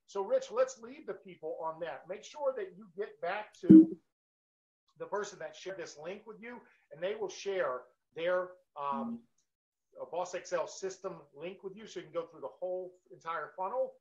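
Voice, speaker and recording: A man co-hosting a live marketing stream, pitching in an emphatic, motivational way. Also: expressive, moderate pace, warm tone. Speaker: co-host of a marketing webinar. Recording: dull, lo-fi stream audio.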